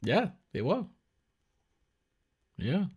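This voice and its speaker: A man's voice: sits high, big pitch swings, drawn-out words, a little mellow, husky. A man hosting a casual tech live stream, chatty and joking, with lots of fillers and restarts. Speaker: tech show host.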